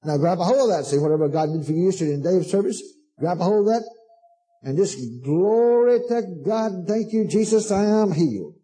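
A fervent male preacher with a high, husky voice, soft and mellow rather than bright. He speaks emphatically and repeats his lines, calling listeners "honey" and "darling" as he exhorts them. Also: lively intonation, brisk, rough recording. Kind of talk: sermon to a congregation.

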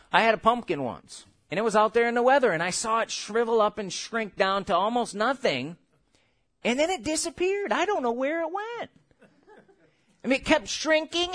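A male pastor delivers a sermon in a high voice that climbs and dips widely. He jokes, chuckles and suddenly shouts, then slows to a measured crawl for scripture. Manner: animated preaching with sudden shouts and laughter; slow, drawn-out scripture reading.

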